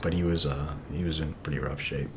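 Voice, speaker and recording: A very deep-voiced man talks through a replay of his match in a relaxed, halting way, often pausing on "uh" and "um". He sounds a little tired. A steady hiss of noise sits under his voice. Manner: relaxed, hesitant, many fillers. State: tired, yawning. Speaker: gameplay commentator. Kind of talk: game replay commentary.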